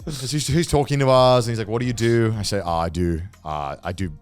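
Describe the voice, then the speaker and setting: A man's voice: lowish voice, a little fast, smooth, soft background music. A man hosting a podcast, telling a story casually and laughing as he goes. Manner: animated, laughing storyteller, restarts often. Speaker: podcast host.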